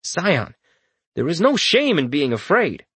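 A man's voice: on the high side, huge pitch swings, a little slow, a bit bright, breathy edge, dry recording, voice pushed up, exaggerated voice. A man voicing a scheming young male lord who talks with oily, mock-sympathetic condescension. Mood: mock-soothing.

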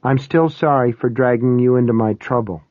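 A man's voice: medium pitch, moderate pace, no room sound, close to an everyday voice. A man voicing a nervous, frightened young mother who speaks hesitantly and apologetically. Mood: nervous, apologetic. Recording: tinny, phone-like, dry.

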